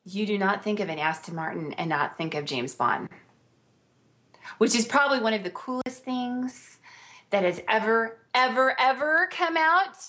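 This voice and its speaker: A woman's voice: a little high, lively intonation, normal speed, sharp tone. An American woman in casual conversation, bubbly and playful, laughing often and breaking into exclamations. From United States. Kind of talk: casual chat.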